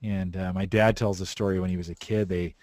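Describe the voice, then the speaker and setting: Low-voiced man hosting a chat. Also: a little fast, no echo. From San Francisco Bay Area. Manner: relaxed, rambling, frequent restarts. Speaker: podcast host. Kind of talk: casual chat.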